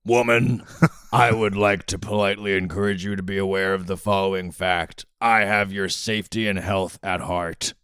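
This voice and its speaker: A man's voice: sits low, fairly even intonation, normal speed, a bit bright, clear, resonant tone, no echo, clean studio sound, pitched below the performer's own voice. A man putting on the voice of a stiffly polite, formal straight man as a comedy bit on a podcast. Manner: formal, stilted, fussy courtesy.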